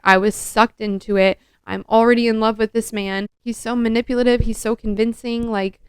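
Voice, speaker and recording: Earnest young woman, very clear voice. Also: a little high, no echo. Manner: earnest, confessional, heavy use of "like". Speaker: podcast co-host. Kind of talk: personal storytelling on a podcast.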